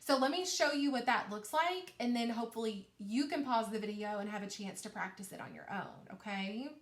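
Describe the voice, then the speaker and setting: A woman teacher giving a recorded reading lesson to young children, talking slowly and encouragingly. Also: fairly high pitch, animated. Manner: slow, patient, encouraging teacher talk. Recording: echoey room.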